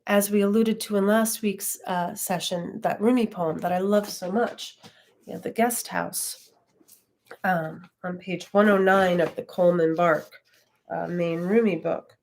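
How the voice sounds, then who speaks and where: A woman's voice: on the low side, steady tone, a little slow, a little hiss or hum. Reflective woman teaching a live class. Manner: reflective and conversational, with frequent fillers. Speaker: teacher leading an online class. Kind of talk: casual live-stream teaching.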